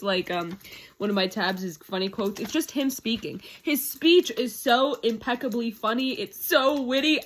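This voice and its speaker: A woman gushing over a book in a review vlog, effusive, squealing and shrieking with excitement. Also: on the high side. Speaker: book vlogger.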